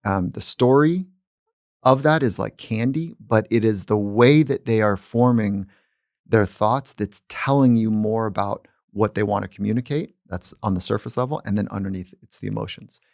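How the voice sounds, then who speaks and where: Calm low gravelly man. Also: moderate pace, dry recording, clean studio sound. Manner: calm and reflective, speaking at length. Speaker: psychologist and podcast host. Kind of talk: casual conversation.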